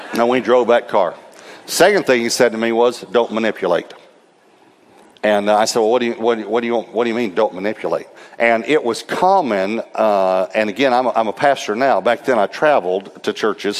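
A middle-aged man, a pastor, preaching and telling funny stories with quoted dialogue. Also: lowish voice. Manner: humorous, animated storytelling with quoted voices. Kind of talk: sermon storytelling. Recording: long hall reverb.

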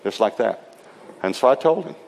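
A man's voice: lowish voice, moderate pace, gravelly. A man preaching to a church, telling a story with laughter and acting out the quotes. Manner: lively storyteller who acts out quotes and laughs. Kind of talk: sermon storytelling. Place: church service. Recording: long reverb of a large hall.

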